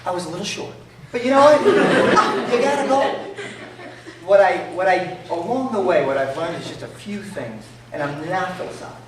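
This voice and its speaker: A man with a New York accent tells animated, jokey business stories to an audience, acting out each exchange. His voice sits fairly high and swings widely in pitch. He is picked up from a distance in a very echoey room with faint background noise. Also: moderate pace. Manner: animated, jokey, acts out dialogue. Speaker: entrepreneur speaker. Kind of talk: storytelling talk to an audience.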